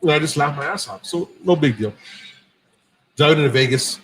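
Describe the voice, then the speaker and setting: In poor audio, a male podcast host with a fairly high voice and normal speed spins a long, profane anecdote in a casual, animated way, voicing each character's quoted dialogue himself.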